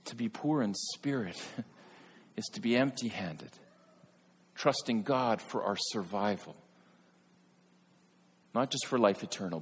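A man delivers a sermon with a slightly husky, breathy tone. He swings from emphatic, forceful stretches to quiet, soft passages. His voice carries a long reverb, as if filling a church sanctuary. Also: on the low side. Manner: earnest, rises to emphatic peaks then drops soft. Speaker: pastor.

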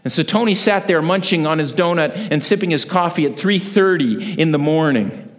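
Storytelling pastor, a fairly high-voiced man. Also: normal speed. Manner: lively storyteller, acts out quoted voices. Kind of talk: sermon with storytelling.

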